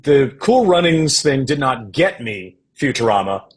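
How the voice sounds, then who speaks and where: A man guest on a podcast, telling stories in a measured, anecdotal way about his acting career. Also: mid-range voice, very animated, poor audio. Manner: anecdotal, measured, uses quoted voices. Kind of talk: relaxed storytelling conversation.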